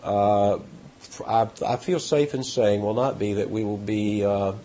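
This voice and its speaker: A man preaching a sermon with animated delivery, his pitch jumping up for emphasis, with halting restarts. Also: slight background noise. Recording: dull lo-fi sound.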